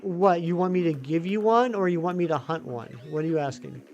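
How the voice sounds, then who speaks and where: A man live-streaming a video game, chatting excitably with his viewers. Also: fairly high pitch, a little fast, muffled recording. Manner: chatty, excitable, talks to chat. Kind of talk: live gaming stream chat.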